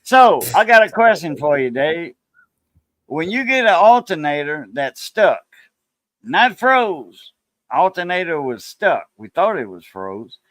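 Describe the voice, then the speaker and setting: With his Cajun accent, this host rambles happily through folksy tales and laughs in a relaxed, casual chat. He talks slowly, his fairly high, slightly bright voice swinging widely in pitch, all captured in a dry recording.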